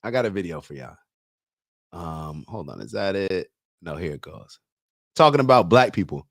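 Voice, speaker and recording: A man hosting a morning podcast, talking bluntly and casually with slang, now and then joking in a high singing voice. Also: normal speed, creaky, dry recording, clean studio sound. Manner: blunt, slangy, animated, breaks into falsetto singing jokes. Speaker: morning show host. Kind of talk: casual motivational podcast talk.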